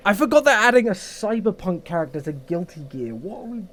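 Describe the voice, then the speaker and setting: A man's voice: high voice, sing-song, brisk, a bit bright, a little hiss or hum. A young man streaming a game, chatting casually with his viewers in a rambling, self-mocking way and swearing often. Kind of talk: casual gameplay chat with stream chat.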